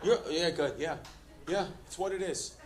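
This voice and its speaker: A man working the crowd at a comedy club, brash and teasing, firing quick jokes at people in the seats. His voice sits fairly high for a man. The live recording carries a clear layer of noise under him. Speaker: stand-up comedian. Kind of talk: stand-up crowd work. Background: audience laughter.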